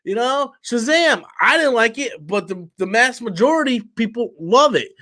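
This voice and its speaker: A man's voice: very high-pitched, animated, moderate pace, sharp tone, dry recording. A tired man hosting a live stream, ranting bluntly and profanely in a loose, rambling casual way.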